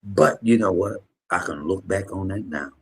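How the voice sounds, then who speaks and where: A man hosting a livestream, giving an emotional, preacher-like testimony to his viewers, shifting from low murmurs to high exclamations. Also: normal speed, a little mellow, breathy edge. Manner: preacherly, call-and-response to viewers. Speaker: livestream host, comedian.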